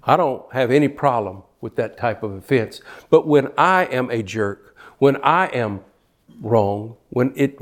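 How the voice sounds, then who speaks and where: An older man preaching a sermon, fervent, often repeating words as he builds to a point. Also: mid-range voice. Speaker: pastor.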